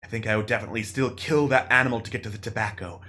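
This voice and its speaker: A man voicing a strange theatregoer who muses quietly about his odd obsession. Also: fairly low pitch, steady tone, very fast, voice pushed down. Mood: musing.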